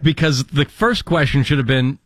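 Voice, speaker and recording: A man's voice: mid-range voice, lively intonation, moderate pace. A man co-hosting a talk show, making pointed, emphatic remarks in casual chat.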